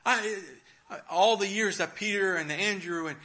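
A man preaching a sermon, retelling a scripture story and swinging between hushed, quiet moments and loud, dramatic ones. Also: sits high, normal speed. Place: church.

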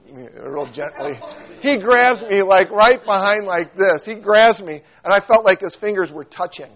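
In the middle of a sermon, a high-pitched man recounts a comic childhood story, poking fun at himself and performing quotes with squeals and shouts. The recording has its highs cut off.

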